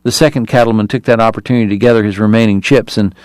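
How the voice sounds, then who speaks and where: A man narrating an audiobook in a measured, even storytelling manner. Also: fairly low pitch, clean tone, no echo. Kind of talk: scripted narration.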